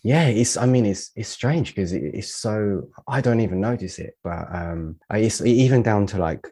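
A man from the United Kingdom speaks very low, with a dark, mellow tone and a husky grain. He is a poet being interviewed in a casual podcast talk. He muses aloud, hesitant and full of fillers. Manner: reflective, halting, many fillers. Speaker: poet guest.

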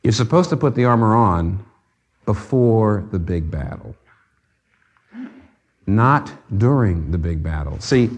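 Earnest man preaching, lowish voice. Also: animated, slow pace, long pauses. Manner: earnest, rising to fervent emphasis; conversational with fillers and restarts. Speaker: pastor. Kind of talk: sermon.

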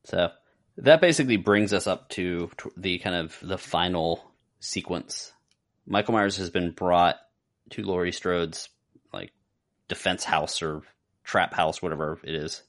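A man's voice: sits low, measured pace. A man co-hosting a casual podcast, reviewing a film in a loose, rambling way with fillers and restarts. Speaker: podcast co-host. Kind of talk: casual movie review chat.

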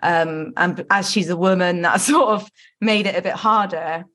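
A woman's voice: fairly low pitch, normal speed, a bit bright. A woman co-hosting a football podcast, talking candidly and earnestly with lots of ums and restarts. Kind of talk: casual podcast chat.

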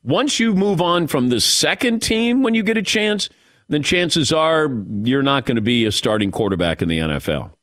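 A man hosting a sports talk radio show, chatting casually with jokes and quick asides. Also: fairly high pitch, sing-song, a bit bright, no echo, studio quality. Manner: conversational, joking, quick asides. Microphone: studio broadcast mic.

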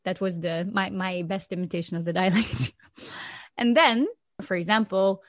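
A woman from Flanders, a Dutch speaker, chatting lively as a podcast co-host, laughing often and restarting sentences. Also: lowish voice, normal speed, no echo, clean studio sound. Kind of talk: casual explanatory chat.

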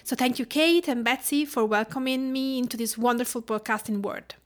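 A woman's voice: a little high, fairly quick. A woman from Tuscany with an Italian accent, hosting a cooking podcast in careful, explanatory narration. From Tuscany, Italy. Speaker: podcast host, cook and food writer.

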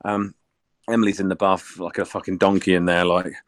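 Man, low-pitched, laddish sweary storyteller, dry recording. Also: level tone, fairly quick, no echo. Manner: laddish, swears freely, jokey. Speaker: podcast guest. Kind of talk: casual storytelling chat.

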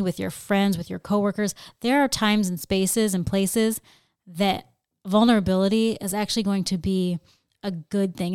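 Sincere woman, smooth voice. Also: medium pitch, a little mellow, dry recording. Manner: sincere, chatty, uses "like" and restarts. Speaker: podcast co-host. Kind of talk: casual podcast talk.

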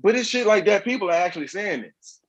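A man's voice: high-pitched, animated, slightly rough, lo-fi sound. A man talking in casual podcast chat, emphatic and sarcastic. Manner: emphatic, sarcastic, fast-flowing.

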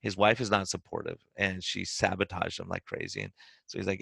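A man hosting a podcast as a weight-loss coach, telling client stories in a casual, animated way and acting out their words. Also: low-pitched, a little fast, gravelly, slightly rough, dry recording.

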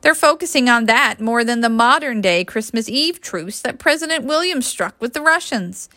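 A woman's voice: fairly high pitch, lively intonation, moderate pace, bright, forceful tone, no echo, clean studio sound, pitched above the performer's own voice. A woman reading the lines of a flustered, defensive young man in a storybook. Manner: sputtering, defensive.

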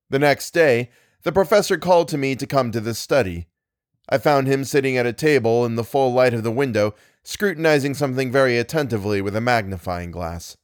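An audiobook reader with a medium-pitched voice narrates a scripted literary tale in a measured, expressive storytelling style. The studio-quality recording has no room sound.

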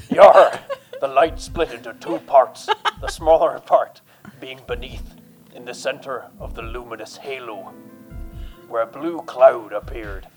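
A man voicing a gruff male pirate captain in a comic reading, booming out "yar" between lines. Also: rough recording. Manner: booming "yar", stumbling and giggling.

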